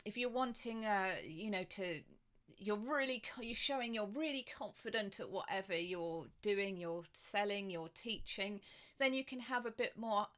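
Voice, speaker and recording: A woman's voice: normal speed, fairly bright tone. A woman voice coach giving online presenting tips to camera in a chatty, demonstrative way, speaking into a desk microphone in front of her. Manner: chatty and demonstrative, varies pitch and volume to show points.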